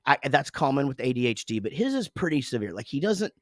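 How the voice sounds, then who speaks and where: A man in his forties tells a long story on his podcast, swearing casually and doubling back on himself. His pitch sits in the middle for a man. The recording is close and dry, with no room sound. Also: fast talker, dry recording. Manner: rambling, profane, animated storytelling with self-interruptions. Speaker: podcast co-host, father.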